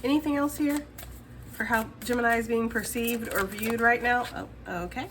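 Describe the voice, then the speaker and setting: A woman with a bright, slightly high voice gives a casual tarot reading, talking straight to her viewer. She is chatty and laughs easily as she goes. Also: fairly even intonation, moderate pace, slight background noise. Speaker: tarot reader.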